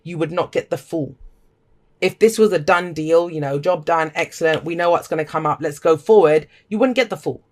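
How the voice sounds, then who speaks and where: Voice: medium pitch, brisk. A tarot reader giving a casual, emphatic reading to camera, talking straight to viewers with blunt language and pep-talk encouragement. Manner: blunt and emphatic, swears freely.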